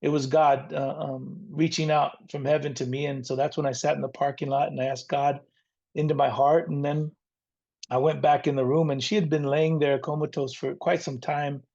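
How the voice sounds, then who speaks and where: In a flat delivery at normal speed, a middle-aged man from the San Diego area by the Mexican border shares his life as a rock frontman with an interviewer, earnestly and reflectively, his faith at the core. His voice is fairly high and darkish with vocal fry, and the highs are cut off.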